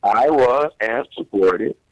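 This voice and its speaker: A man's voice: medium pitch, expressive, slow, dry recording, low-quality recording. A man speaks as a talk show guest in a mid-range voice that rises and falls a lot. He argues earnestly and emphatically in casual speech. The recording is close and dry. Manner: earnest, emphatic, informal grammar. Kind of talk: political talk show discussion.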